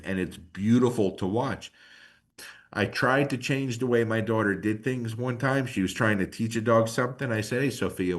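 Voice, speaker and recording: Man, middle-aged, somewhat low voice, podcast guest, emotional, animated, casual talk. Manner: casual, slangy. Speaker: guest dog trainer. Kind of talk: podcast conversation.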